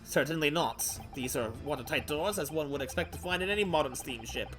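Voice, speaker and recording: A man's voice: fairly high pitch, animated, brisk, over music, lightly acted. A man voicing a self-assured male detective in a video game, with a British accent and a grand, lecturing delivery.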